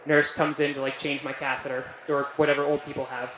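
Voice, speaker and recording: A young man doing a stand-up comedy set on a club stage, animated, with jokey self-praise and a habit of tagging lines with "right?". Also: medium pitch, fast talker. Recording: roomy live club sound with faint room noise.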